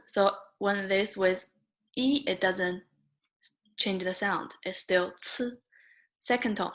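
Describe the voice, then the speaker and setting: Lady teacher, super slow and patient, repeats each sound over and over. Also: fairly bright tone. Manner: patient, repeats sounds slowly and rises high on example syllables. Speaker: Mandarin teacher. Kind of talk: slow beginner language lesson.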